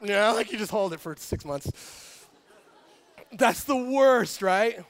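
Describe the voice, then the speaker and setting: A young man preaching a casual, lively sermon, joking and acting out quotes as he tells a story. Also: high-pitched, slow pace. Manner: animated, jokey storytelling with acted quotes. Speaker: pastor.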